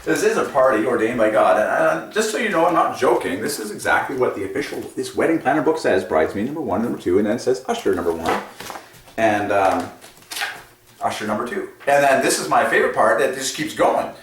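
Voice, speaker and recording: A man hosting a casual explanatory monologue in a playful, animated way, often chuckling at his own asides. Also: mid-range voice, a little fast, slight background noise. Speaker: channel host presenting number patterns. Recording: echoey room, mic set at a distance.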